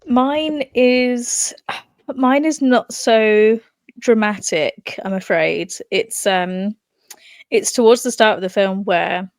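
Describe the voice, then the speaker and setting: A woman co-hosting a podcast in casual chat, animated and playful when she retells scenes. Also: mid-range voice, slow, dry recording. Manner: animated, acts out lines in playful voices. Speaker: podcast co-host.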